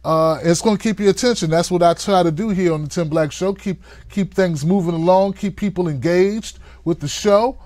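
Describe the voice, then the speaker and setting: A man hosting a live-stream call-in show, talking in a hyped, playful way and hollering shout-outs to viewers. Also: high-pitched, moderate pace, few pauses, no room sound.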